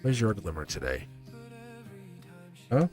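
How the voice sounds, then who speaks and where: A man's voice: fairly low pitch, very animated, slow, a little mellow, soft background music. A man giving live-stream tarot readings to viewers in a rambling, earnest way, often restarting his sentences and getting emotional.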